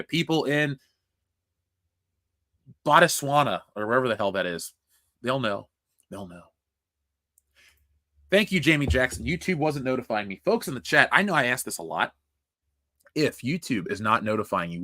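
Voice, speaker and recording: A man's voice: medium pitch, pushed and bright, no echo, studio quality. A man hosting a casual livestream, reading chat and ranting bluntly with profanity. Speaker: livestream host.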